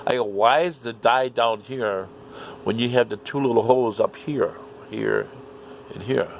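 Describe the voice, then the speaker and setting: Slow, gravelly man ranting. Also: mid-range voice, slight background noise. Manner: indignant, profane, repetitive. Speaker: vlogger. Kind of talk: ranting monologue to camera.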